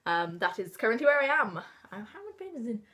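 A young English woman talking through her recent book buys in a loose, casual way. She rambles and trips over her words, gets excitable, and now and then drops into a hushed whisper. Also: on the high side, fast. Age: 20s. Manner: rambling, self-interrupting, excitable. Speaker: book vlogger. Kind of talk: casual book haul chat.

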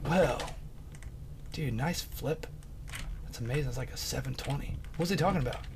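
A man from Mississippi commentating on his gameplay, excitable, yelling and muttering at the game. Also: medium pitch, a little fast, noisy background. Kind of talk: let's play commentary.

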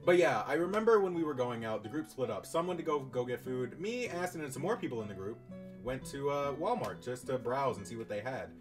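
A young man in college telling a story about his own past in a casual, animated, self-mocking way, swearing freely. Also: medium pitch, a little fast. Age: young adult. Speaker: YouTuber. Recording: distant mic, faint guitar music behind.

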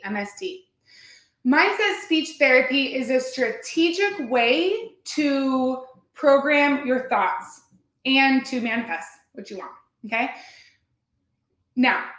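Female workshop coach, bright high voice, earnest and repetitive, recorded in a reverberant room. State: near tears at times. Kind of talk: motivational workshop talk.

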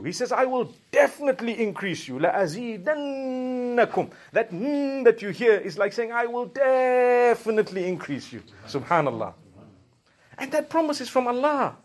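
A man giving a Friday sermon, preaching emphatically with rhetorical questions and recited Arabic verses. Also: on the high side.

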